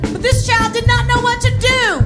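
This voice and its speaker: A woman's voice: extremely high pitch, fairly even intonation, moderate pace, voice pushed up. A woman in her thirties doing stand-up in a put-on Texan drawl, with a bawdy, sing-song delivery. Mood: brash drawl. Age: 30s. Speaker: comedian. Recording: live band music behind.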